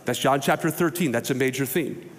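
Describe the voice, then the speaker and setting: Inside a church sanctuary, a male pastor preaches a casual, conversational sermon, telling stories and acting out quoted voices. His mid-range voice moves fairly quickly with a long reverb tail.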